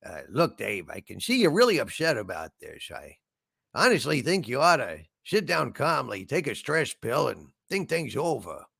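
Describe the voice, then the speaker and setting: A man voicing a male spaceship computer as a meandering, polite detective, gravelly and husky, tacking "sir" onto his lines. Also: medium pitch, huge pitch swings, moderate pace, a bit bright, dry recording, clean studio sound, heavily acted. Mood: pleading. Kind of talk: comedy impression sketch.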